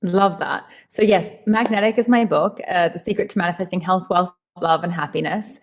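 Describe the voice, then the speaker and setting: A woman speaking as a guest in a conversational interview, animated and emphatic, stretching out key words as she explains her ideas. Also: lowish voice, normal speed. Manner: animated, acts out quoted dialogue. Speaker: podcast guest, meditation teacher and author.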